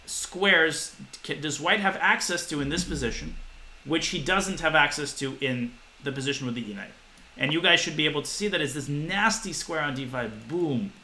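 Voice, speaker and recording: Young guy streaming a chess lesson, bright voice, faint hiss behind, chats with viewers. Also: on the high side, poor audio. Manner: quick, talks to chat, thinks aloud with restarts.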